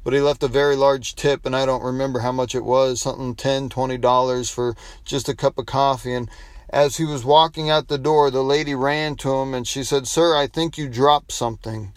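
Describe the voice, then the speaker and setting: A man's voice: medium pitch, little pitch movement, brisk, smooth, dry recording. Folksy male pastor, dry close sound. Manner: folksy storytelling, frequent restarts. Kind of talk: devotional sermon with prayer.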